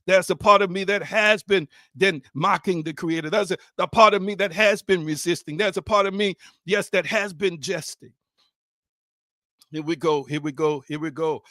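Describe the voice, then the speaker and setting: A man preaching a sermon, hammering the same rhetorical questions over and over and now and then rising to a shout. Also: on the high side, fairly even intonation, normal speed, dry recording, studio quality.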